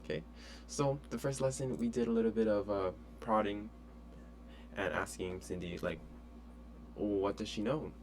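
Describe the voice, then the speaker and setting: A man teaching an online French lesson in a relaxed, chatty way with many fillers. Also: fairly low pitch, normal speed, a little hiss or hum.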